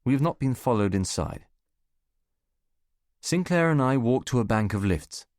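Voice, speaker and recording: A man reading a first-person spy novel as an audiobook narrator, measured and wry. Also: mid-range voice, expressive, darkish tone, no echo, studio quality.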